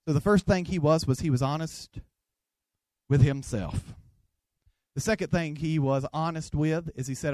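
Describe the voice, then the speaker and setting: A man's voice: fairly high pitch, normal speed, a little mellow, no echo. A man from the Southern United States, with a Southern accent, preaching an emphatic, joking sermon full of repeated phrases.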